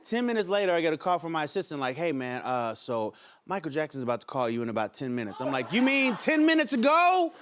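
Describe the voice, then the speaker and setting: A man telling an expressive story, often laughing. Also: mid-range voice, fast talker, hardly any pauses, clean tone. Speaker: interviewee. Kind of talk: casual anecdote.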